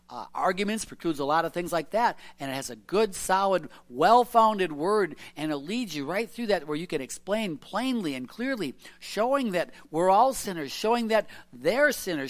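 A preacher delivers an informal evening sermon, telling stories earnestly with soft chuckles. His voice is medium-pitched, and his chatty style is full of tag questions like "isn't it?" and constant "you know."

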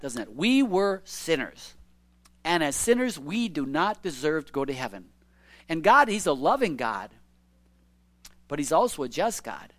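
A man preaching a sermon, reading scripture aloud and explaining it in a conversational way, with frequent rhetorical questions. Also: high-pitched. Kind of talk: sermon, Bible teaching.

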